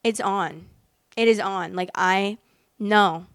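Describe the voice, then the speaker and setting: A young woman chats to the camera as a casual vlog host, rambling from thought to thought with plenty of fillers and strong feeling. Her voice is smooth and clear. It is recorded close and dry, with no room sound. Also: medium pitch, slow pace, dry recording. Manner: emotional, rambling, lots of "like" fillers. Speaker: host reading online stories. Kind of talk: casual chat reacting to stories.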